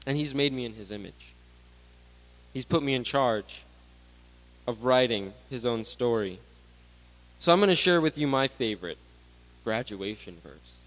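A man in his twenties giving a sermon to graduates, animated, swinging between loud bursts and hushed asides. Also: mid-range voice, low-quality recording. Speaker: graduation speaker.

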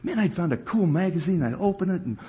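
In a church hall before a live audience, a middle-aged man delivers a storytelling sermon in a high voice at a quick pace. He's an animated storyteller who bursts into laughter and acts out voices, captured on a dull lo-fi live recording.

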